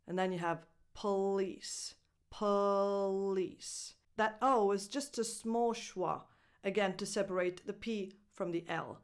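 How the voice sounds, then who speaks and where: A woman with an Italian accent teaches English pronunciation in an unhurried, deliberate way. She repeats each word slowly and breaks it into syllables so every sound comes through. Her pitch sits in an ordinary middle range. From Italy. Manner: slow, careful, repeating words syllable by syllable. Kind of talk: pronunciation lesson.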